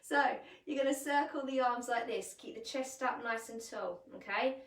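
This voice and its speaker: A woman's voice: fairly high pitch, moderate pace, fairly bright tone. A woman fitness coach, leading a live online workout at home in a chatty, upbeat way and laughing often. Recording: echoey room.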